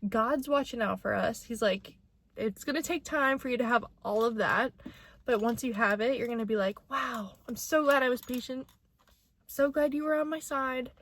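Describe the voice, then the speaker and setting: Chatting to camera in a casual vlog, a young woman is open and sentimental, her speech full of fillers. She talks at a normal speed in a fairly high, slightly bright voice.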